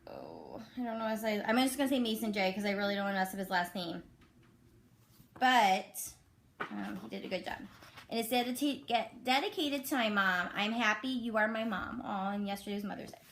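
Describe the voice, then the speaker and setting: A woman teacher reading children's books aloud slowly and expressively, adding chatty comments between pages. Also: mid-range voice, big pitch swings, gravelly, slight background noise. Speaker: elementary school teacher.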